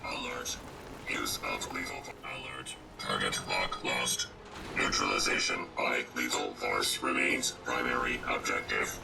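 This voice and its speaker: An actor voicing a cold male combat robot that announces targets in a deep, gravelly, mechanical monotone, heard as distant game audio. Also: unhurried, whispered, exaggerated voice. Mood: clipped, mechanical. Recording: distant game audio under loud music.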